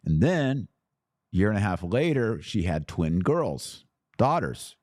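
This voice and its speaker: A man with a very low, deep voice hosts a podcast in a dry, close-sounding room. He talks in an earnest, personal way and leans hard on points he cares about. He sounds like a man in his forties. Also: very animated, measured pace, a little mellow, no room sound. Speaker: podcast host. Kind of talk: casual commentary podcast.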